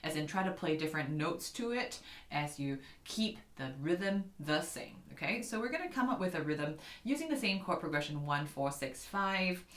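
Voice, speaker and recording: A woman's voice: low voice, very animated, normal speed, few pauses, fairly bright tone. A woman giving a casual piano lesson, chatting with viewers as guys and scatting rhythms aloud. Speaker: piano teacher. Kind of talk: casual online keyboard lesson. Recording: echoey room with piano.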